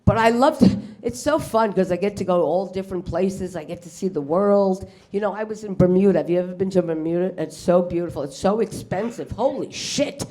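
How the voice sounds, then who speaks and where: A woman's voice: mid-range voice, fairly quick, hardly any pauses, mellow. Middle-aged New woman, stand-up comic, brash and profane, plays every character herself. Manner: brash, swears, acts out characters in punchlines. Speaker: stand-up comedian. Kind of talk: stand-up comedy set. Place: comedy club stage before a live audience.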